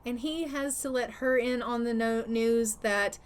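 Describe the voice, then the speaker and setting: A woman's voice: a little high, fairly even intonation, unhurried. Chatty woman narrating gameplay. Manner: chatty, acts out characters. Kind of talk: casual game commentary.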